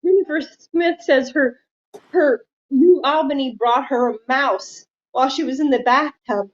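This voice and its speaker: A woman's voice: high voice, a little slow, dull audio. A woman hosting a casual livestream, reading viewer comments aloud and laughing often. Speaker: livestream quilting host.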